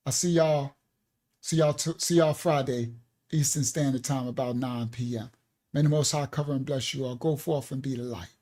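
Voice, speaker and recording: A man's voice: mid-range voice, a little mellow. A man leading an online Bible lesson as pastor, talking in a loose, repetitive way with laughing asides.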